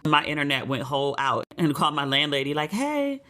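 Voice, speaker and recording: A middle-aged American woman runs a casual podcast, talking quickly in a low, flat voice that sounds pushed and bright. When she quotes people in her stories, she acts them out with a raised voice.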